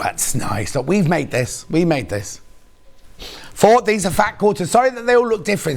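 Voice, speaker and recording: Male shopping-channel host, lively sing-song delivery, teasing and chatty, a bit gravelly. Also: fairly high pitch. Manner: chatty, playful, teasing, reads viewer messages aloud. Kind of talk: live on-air selling chat.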